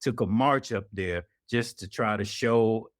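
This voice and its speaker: Animated storyteller man, dry sound. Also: lowish voice, unhurried, no room sound. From Atlanta, US South. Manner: animated storyteller acting out the people he quotes. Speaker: investigative reporter, guest. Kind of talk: storytelling in an interview.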